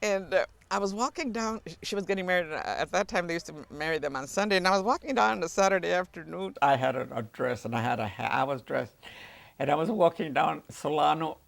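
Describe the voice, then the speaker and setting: An elderly woman recounting memories of her youth in an oral history interview, animated and often laughing. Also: sits low, fast talker, vocal fry. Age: older. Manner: animated, laughs often while telling stories. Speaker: interviewee recalling her life.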